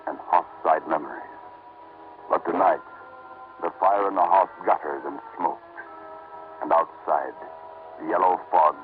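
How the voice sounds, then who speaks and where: Solemn horror narrator, very deep, tinny old radio sound. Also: male voice. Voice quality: solemn, dramatic, slow. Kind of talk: 1940s radio drama narration.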